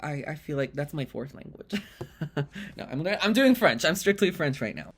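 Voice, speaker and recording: A man delivering an animated, exasperated comedy monologue, swearing freely. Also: fairly high pitch, moderate pace, a little hiss or hum. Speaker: vlogger.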